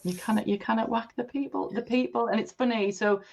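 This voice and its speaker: A woman's voice: on the high side, fairly even intonation, a little fast, darkish tone. A woman from the North East of England, telling stories as a guest in a podcast interview.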